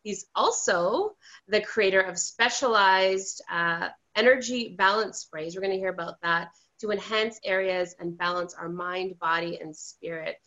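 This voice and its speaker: A woman's voice: mid-range voice, measured pace, sharp tone, poor audio. A woman hosting a spiritual online interview, gushing and effusive as she welcomes her guest. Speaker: host.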